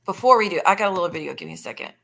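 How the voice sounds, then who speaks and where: Bright, blunt woman livestreaming. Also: mid-range voice, animated, rapid-fire, vocal fry. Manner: blunt and profane, chatting with viewers while scrolling. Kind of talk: casual live-stream commentary.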